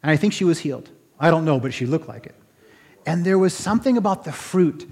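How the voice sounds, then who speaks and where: A man's voice: on the high side, expressive, fairly quick, a little mellow, breathy edge. A man preaching a sermon, telling a story with emphatic repeated phrases. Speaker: pastor. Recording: long reverb of a hall.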